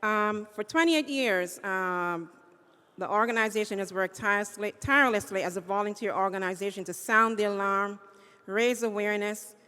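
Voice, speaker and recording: A woman's voice: mid-range voice, moderate pace, sharp tone, smooth. A woman, executive director of an advocacy group, giving an earnest formal welcome speech and thanking supporters. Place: large hall at a state house. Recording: echoey hall reverb.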